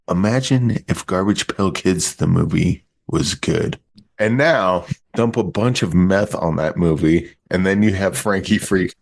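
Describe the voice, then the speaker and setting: A man reviewing movies on a podcast in casual chat, rambling through the plot with stumbles and restarts. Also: on the low side.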